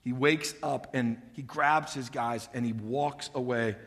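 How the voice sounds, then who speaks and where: A man's voice: medium pitch, steady tone, a little slow, a bit bright. A man preaching a sermon, retelling a story with humor and acting out the characters' lines in changed voices. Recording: long hall reverb.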